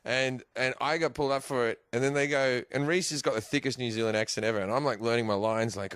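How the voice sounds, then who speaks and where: A man's voice: mid-range voice, fast, fairly bright tone, dry recording, studio quality. An Australian man, a podcast guest, telling stories in casual chat, laughing often and swearing freely.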